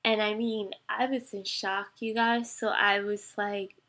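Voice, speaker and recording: A young woman vlogger telling her personal story to the camera. She is tearful and close to crying, and she talks haltingly with many fillers. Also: mid-range voice, little pitch movement, pushed and bright.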